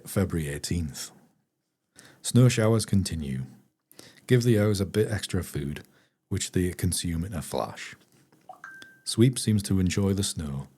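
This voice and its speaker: A man reading a farming diary aloud on a live stream, pausing for chatty asides to viewers. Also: sits low, mellow, husky.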